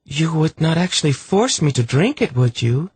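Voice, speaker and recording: Sulky sarcastic young woman in an audiobook, a guy putting her on, voice jumps all over, kinda husky. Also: on the high side, very animated, moderate pace, a little mellow, pitched above the performer's own voice, heavily acted. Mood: defiant. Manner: petulant and sarcastic. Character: sulky, sharp-tongued young woman stuck in a sickbed. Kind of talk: audiobook character voice.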